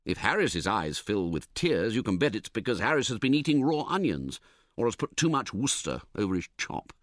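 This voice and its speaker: Male audiobook narrator, very animated pitch, dry close mic, wry comic delivery. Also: a little fast, dry recording. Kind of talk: scripted narration.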